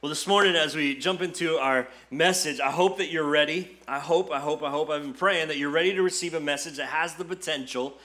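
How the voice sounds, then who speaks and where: A man's voice: a little high, a little fast, few pauses. A man in his forties, a pastor telling a family story with small jokes in a Sunday sermon, then praying. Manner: storytelling, quips and jokes, then prays softly.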